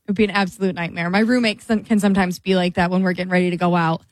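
A woman's voice: on the low side, little pitch movement, racing, no echo. A woman co-hosting a radio show in a studio, chatting casually and laughing at her own habits. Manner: chatty, self-mocking, slips into playful voices. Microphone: studio mic.

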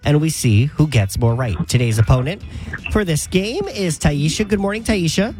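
A man's voice: fairly high pitch, animated, normal speed, darkish tone, faint music behind. A man hosting a morning radio quiz, upbeat and sick. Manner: upbeat quizmaster. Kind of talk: radio game show hosting.

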